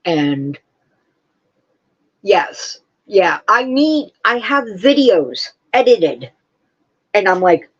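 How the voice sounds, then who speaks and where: A woman's voice: mid-range voice, lively intonation, slow pace, lo-fi sound. A woman hosting a casual home livestream, chatting to viewers and breaking off to scold her dogs. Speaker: crochet livestream host. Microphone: camera on a tripod.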